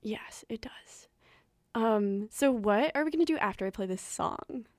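A woman's voice: on the high side, animated, unhurried, no room sound, clean studio sound. A woman co-hosting a radio show, chatting casually and asking her co-host questions. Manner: engaged, asks questions, psychology talk. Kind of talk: casual chat.

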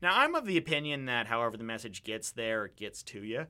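A young man co-hosting a radio talk show, his voice bright and clear. He speaks at an ordinary middle pitch, musing his way through each thought with frequent restarts and fillers. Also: big pitch swings, fast talker. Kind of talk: casual discussion.

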